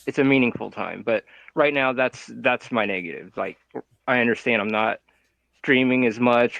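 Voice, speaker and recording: Low gravelly guy, guest on a chat, loose and laughy, dry sound. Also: a bit bright, no room sound, poor audio. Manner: loose, laughing, slangy, hesitant. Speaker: guest comic artist. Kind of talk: casual interview chat.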